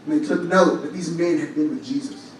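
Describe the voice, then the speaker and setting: A young man preaching a lively sermon, telling stories with humor and rising to shouts at times. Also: a little high, brisk. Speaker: church speaker. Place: large church hall. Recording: echoey hall, from far off, faint noise.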